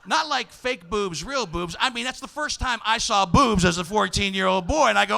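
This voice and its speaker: A male podcast host telling a comic story live on stage, swinging from loud shouts to hushed asides. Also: sits high, a little fast, gravelly, few pauses. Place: live stage before an audience.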